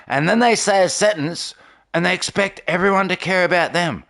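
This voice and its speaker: A man's voice: high voice, animated, fairly quick, vocal fry, fairly bright tone. A man hosting his gaming channel, giving sarcastic, mocking gameplay commentary and laughing often.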